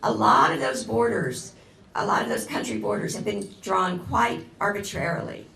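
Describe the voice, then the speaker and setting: A woman's voice: medium pitch, moderate pace, gravelly, bright, forceful tone. A woman guest lecturer giving an enthusiastic, digressive classroom talk, speaking straight to her audience. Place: lecture room. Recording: echoey room recording from a distance.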